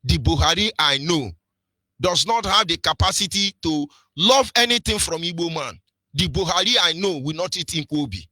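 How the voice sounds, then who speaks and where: A man with a Nigerian accent delivers fiery political commentary on radio, his voice pitched slightly high and strikingly sharp and forceful. He preaches, hammering rhetorical questions with a sing-song lilt. The sound is close and dry, with no room around it. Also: expressive, normal speed, no echo. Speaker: radio presenter.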